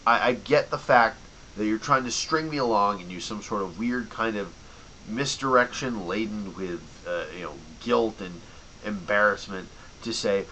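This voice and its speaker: A man's voice: on the low side, lively intonation, moderate pace, a bit bright, slight background noise, poor audio. A young man ranting to camera in a heated, sarcastic way, swearing freely and mocking people, worked up after drinking. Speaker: vlogger and bookstore clerk. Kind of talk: angry profane rant to camera.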